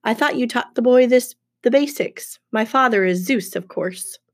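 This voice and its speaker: A woman's voice: on the high side, moderate pace. A woman voicing a middle-aged male wine god who is whiny, bored and condescending. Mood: petulant.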